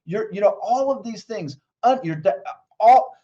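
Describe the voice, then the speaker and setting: A man's voice: sits high, lively intonation, moderate pace, warm tone, muffled recording. A man who is a mindset coach, talking as a guest in a conversational interview, enthusiastic and motivational as he tells stories.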